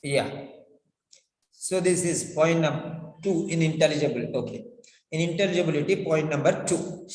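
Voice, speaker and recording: A man teaching pronunciation, repeating words and phrases slowly to drill them. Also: a little high, a little mellow. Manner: repetitive, drills words over and over. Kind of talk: slow instructional lesson. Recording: echoey room with long reverb.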